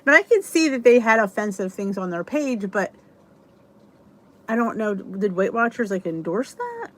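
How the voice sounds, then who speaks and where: A woman's voice: mid-range voice, very animated, moderate pace. A woman hosting a casual livestream chat, greeting viewers by name and rambling through chatty asides. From United States. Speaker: livestream host.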